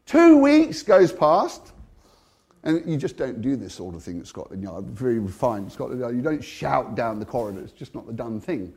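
A British man giving a testimony sermon, storytelling with energy and laughing often, swinging between hushed and loud. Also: mid-range voice, big pitch swings, moderate pace. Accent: British English. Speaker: Christian speaker.

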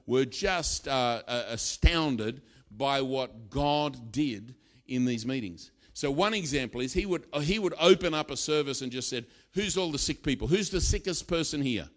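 Male preacher, middle-aged, lively sermon storytelling, acts out lines loudly. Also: fairly high pitch, a little slow, few pauses. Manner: storytelling, animated, acts out quotes with sudden loud bursts.

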